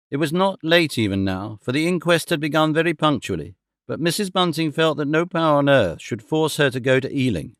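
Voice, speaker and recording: A man narrating an audiobook in a steady, even-toned way on a close studio mic. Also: mid-range voice, dry recording. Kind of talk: scripted narration.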